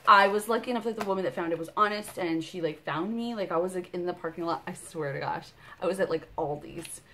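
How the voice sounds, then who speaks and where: A woman in her thirties with a slightly low voice talks through an unboxing in a loose, bubbly way. She piles on "like" and "um" as she goes, sounding chatty and unscripted. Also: fast talker, a bit bright. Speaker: vlogger. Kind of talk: casual unboxing chat.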